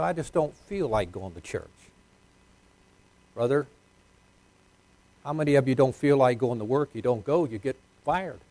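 Male pastor, folksy sermon, loud-to-hushed swings, dry close sound. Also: medium pitch, no room sound.

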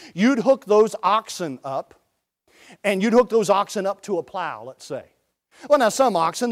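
Male preacher, high-pitched, folksy storytelling with loud outbursts and hushed asides. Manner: folksy storytelling, swings between loud bursts and quiet asides. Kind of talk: sermon.

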